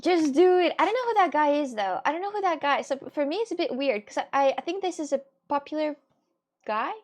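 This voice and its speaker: A woman's voice: high-pitched, big pitch swings, fast talker. A young woman streamer chatting casually to her viewers, rambling and giggling often. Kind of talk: casual chat.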